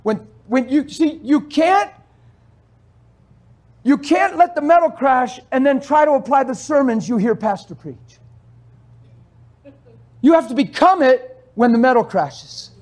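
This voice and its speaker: A man with a very high-pitched voice preaches a sermon a little slowly, pausing often. He tells stories, moving animatedly from loud exhortation to soft asides and laughing frequently along the way.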